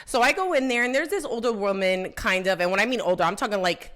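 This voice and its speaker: A young adult woman co-hosting a podcast recounts a story in casual chat, dramatically acting out each quote. She speaks fast at medium pitch.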